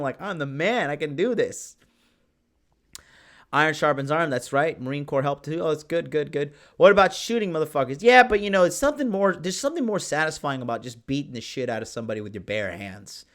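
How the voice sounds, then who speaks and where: A man hosting a live podcast, talking in a brash, profane and excitable way as he reads chat comments. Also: medium pitch, smooth. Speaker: podcast host. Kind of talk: casual live-stream talk.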